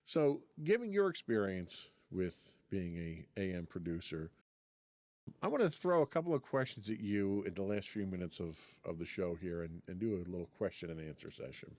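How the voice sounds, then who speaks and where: Podcast co-host, male, animated delivery, dry recording, reads stats between jokes. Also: low-pitched, moderate pace, dry recording. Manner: chatty, laughs often, reads from an article. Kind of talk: casual podcast chat.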